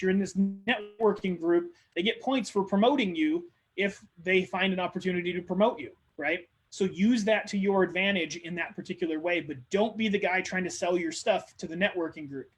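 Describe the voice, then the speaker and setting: A man hosting a live webinar who coaches on networking in an energetic, conversational way and acts out sample dialogues. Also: high-pitched. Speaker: marketing coach, webinar host.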